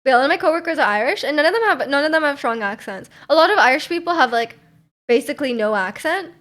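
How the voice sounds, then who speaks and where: A woman's voice: sits high, lively intonation, fast, fairly bright tone. A young woman streaming and chatting casually with her viewers, rambling and filling her talk with "like" and little laughs. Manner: rambling, heavy use of "like", frequent laughs.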